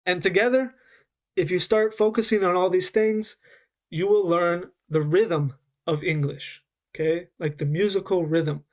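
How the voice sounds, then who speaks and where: A man teaching a recorded online English course, patiently slowing down to demonstrate and checking in with frequent "okay?". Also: sits high, fairly even intonation.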